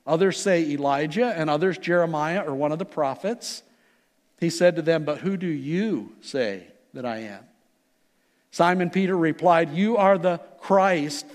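Pastor guy preaching, emphatic and earnest, high-ish voice. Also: long reverb tail. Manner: earnest, emphatic preaching with rising and falling delivery. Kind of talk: sermon.

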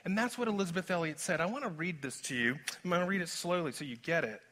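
Speaking fast with a voice on the high side, this male pastor gives a lively, conversational sermon sprinkled with jokes at his own expense.

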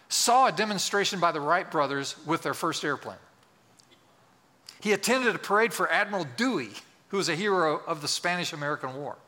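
Bright-voiced pastor preaching in a reverberant church. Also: male voice, on the high side. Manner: earnest, leads congregation in call-and-response. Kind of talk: sermon. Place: church sanctuary. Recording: church hall with long reverb.

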